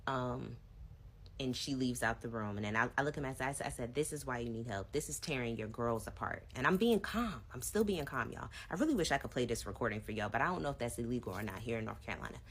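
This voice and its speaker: Low-voiced woman telling a storytime. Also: animated, fast, husky. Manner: chatty, addresses viewers directly. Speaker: vlogger telling her own story. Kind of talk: casual storytime to viewers.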